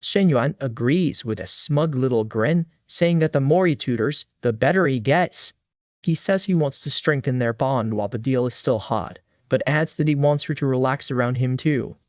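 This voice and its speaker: A man's voice: mid-range voice, moderate pace, a little mellow, dry recording, studio quality. A man narrating a comic recap in a scripted, wry storytelling manner.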